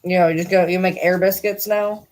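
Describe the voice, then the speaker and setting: Lady chatting at her cat on a vlog, low-ish voice, swears a lot, coos at him. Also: fairly even intonation, fairly quick, darkish tone. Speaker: vlogger. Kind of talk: casual chat to her cat.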